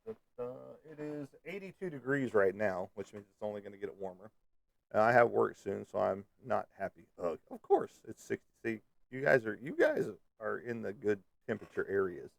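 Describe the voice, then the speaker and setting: Gravelly low-voiced man, rambling chat. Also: big pitch swings, fairly quick, dry recording. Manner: rambling, joking, lots of fillers. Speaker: live stream host. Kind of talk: casual live chat with viewers. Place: Kansas City area.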